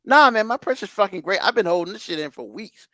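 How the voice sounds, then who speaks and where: A man's voice: sits high, expressive, fast, sharp tone, no echo. A man hosting a podcast, ranting in heated, profane exasperation. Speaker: podcast host.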